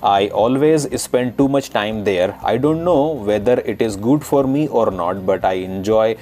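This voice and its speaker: A man with an Indian accent teaching an English lesson and reading a passage aloud, talking quickly and jumping up in pitch on transition words. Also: darkish tone, slight background noise. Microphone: recorded voice-over on screen capture.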